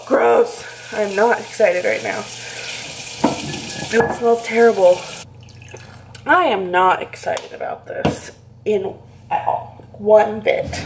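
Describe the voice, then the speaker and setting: Slow-talking young woman with gravelly fry. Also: medium pitch, noisy background. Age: young adult. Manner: dramatic, squeamish reactions. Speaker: vlogger. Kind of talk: casual vlog chat.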